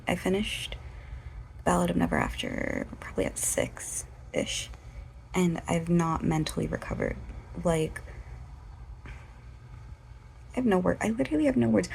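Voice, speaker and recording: Vlogger, woman, 20s, lowish voice, excitable and dramatic chat over faint background hiss. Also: normal speed, vocal fry, pauses often. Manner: gushing, dramatic, often whispering. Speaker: reading vlogger. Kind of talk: casual vlog chat.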